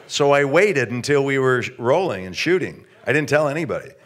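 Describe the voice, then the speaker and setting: A man's voice: medium pitch, expressive, a little fast, hardly any pauses, fairly bright tone. A man, a guest, telling an anecdote with stammering restarts and acted-out quotes. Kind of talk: anecdote storytelling.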